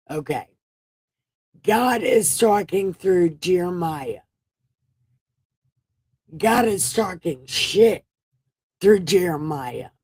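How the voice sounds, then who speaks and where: A woman's voice: on the low side, a little mellow, breathy edge, no room sound. A woman hosting a casual bedtime Bible-reading livestream, joking, swearing and laughing her way through the verses.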